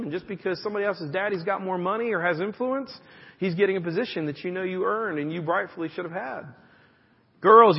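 Man, pastor, lively conversational sermon; slightly high, husky voice, muffled recording with long hall reverb. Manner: conversational, animated preaching with asides to the congregation.

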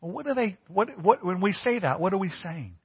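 Husky preacher in an echoing hall. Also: male voice, sits high, animated, a little fast. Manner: conversational preaching, asks the congregation questions. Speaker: pastor. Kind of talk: sermon. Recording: dull lo-fi church recording with long reverb.

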